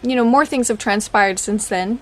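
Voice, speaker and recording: A woman's voice: on the high side, moderate pace. Candid chatty woman. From Oklahoma. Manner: candid, chatty, laughs through dark jokes. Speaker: podcast host. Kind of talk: casual personal talk.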